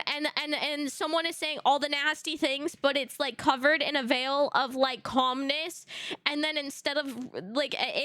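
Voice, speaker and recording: A woman's voice: high-pitched, sharp tone, dry recording. A woman streamer in casual chat, telling emotional stories animatedly with laughter. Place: home streaming setup.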